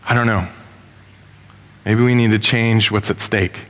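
A male pastor giving a conversational sermon, telling stories and sometimes jumping up sharply in pitch. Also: measured pace. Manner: conversational storytelling, animated with sudden pitch jumps. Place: church. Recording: long reverb of a church hall.

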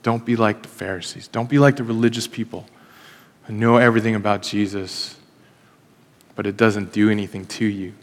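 A man's voice: on the low side, steady tone, normal speed. A man preaching a casual, story-driven sermon as pastor, acting out the voices of the people in his stories. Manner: conversational storytelling, acts out quoted voices. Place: church hall. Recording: long reverb in a hall.

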